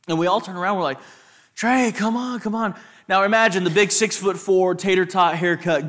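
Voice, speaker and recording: Storytelling young West Texas man. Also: fairly high pitch. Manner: animated storyteller, asks the audience questions. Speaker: guest speaker. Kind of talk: church talk with personal stories.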